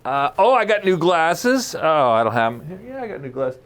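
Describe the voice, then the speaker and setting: A man's voice: a little high, big pitch swings, normal speed, a bit bright. A man hosting a podcast in casual chat, jokey and rambling, laughing often. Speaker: podcast host.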